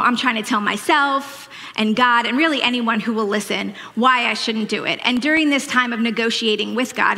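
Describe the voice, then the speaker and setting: Woman, 40s, faded Long Island accent, chatty and self-deprecating sermon, fairly high voice, long church-hall echo. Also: vocal fry, pushed and bright. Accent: faded Long Island New York. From Long Island, New York. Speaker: church speaker. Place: church stage.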